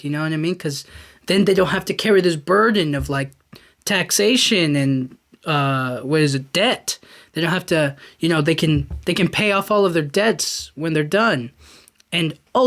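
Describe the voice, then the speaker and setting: Rambling, animated podcast host, a man. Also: high voice, unhurried. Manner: animated, rambling, talks to the listener directly. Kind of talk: casual commentary.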